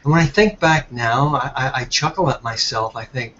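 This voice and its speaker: A man with an Irish accent talks easily and at length, stopping often on "uh" and "um". His voice sits at a middle pitch. It comes through a computer mic on a web call, sounding slightly dull with a faint hiss behind. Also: normal speed, fairly bright tone. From Ireland. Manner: friendly, rambling with many fillers. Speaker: presenter on a webinar. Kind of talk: casual talk.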